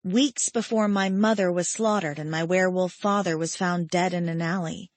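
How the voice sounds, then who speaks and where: A woman narrating a romance audiobook in the first person, even and conversational. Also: lowish voice, normal speed, no echo.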